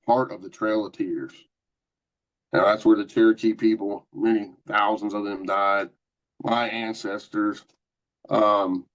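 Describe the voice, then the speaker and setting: Man, middle-aged, casual storytelling, animated asides, somewhat low pitch, muffled lo-fi audio. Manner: rambling, animated anecdotes with many quoted asides. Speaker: guest, paranormal investigator. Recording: dull lo-fi podcast audio.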